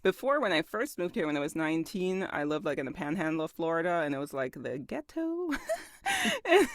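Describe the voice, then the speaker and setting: Guest, woman, lively pitch, chatty and giggly, dry close sound. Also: a little fast, dry recording. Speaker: podcast guest, voice actress. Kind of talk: casual conversation.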